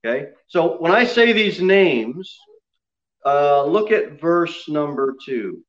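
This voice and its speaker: A man's voice: on the high side, animated, slow pace, dull audio. A male pastor preaching a sermon to his church, joking and self-deprecating, often repeating himself. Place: church sanctuary.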